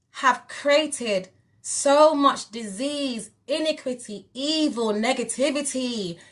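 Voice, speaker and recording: On a livestream, an English singer in her forties unleashes a defiant, impassioned rant, emphatically repeating herself while her British accent drifts into Jamaican patois. Her voice is high and bright, the tone forceful.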